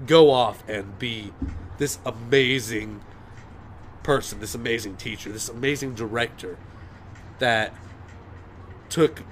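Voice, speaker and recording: A young male podcast host chatting casually, rambling through a story with a steady stream of "and everything". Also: mid-range voice. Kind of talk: casual chat.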